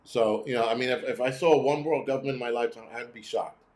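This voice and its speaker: Middle-aged male host, profane sarcastic rant to live chat, average pitch. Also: quick pace, a little mellow.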